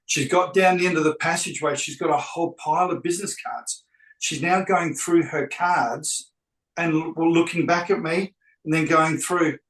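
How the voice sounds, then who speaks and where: A man's voice: a little high, fairly even intonation, moderate pace, fairly bright tone, echoey room, distant mic, poor audio. A man, a real estate agent, tells a story animatedly and acts out both sides of the dialogue. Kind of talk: anecdotal storytelling.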